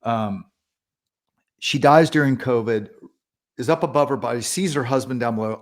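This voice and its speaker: A man's voice: medium pitch, moderate pace. Earnest man telling stories. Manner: earnest, animated retelling with quoted dialogue. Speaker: author and pastor, interview guest. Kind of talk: storytelling in a podcast interview.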